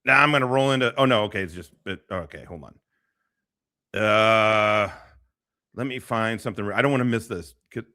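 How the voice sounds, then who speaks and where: A man's voice: fairly low pitch, normal speed, bright, forceful tone. A man hosting a casual livestream, talking in a rambling, profane way with many restarts. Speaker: livestream host.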